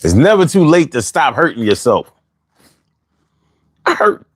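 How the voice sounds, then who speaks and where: A man's voice: medium pitch, very animated, fairly quick, a little hiss or hum. A man hosting a casual livestream, reading out chat comments in a loose, slangy way and laughing often, a little bothered by allergies.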